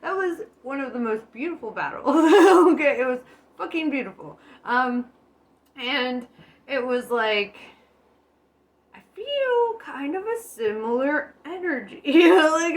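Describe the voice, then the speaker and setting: A woman vlogging in a rambling, casual monologue, giggling often, swearing and losing her train of thought. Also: high-pitched. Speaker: spiritual vlogger.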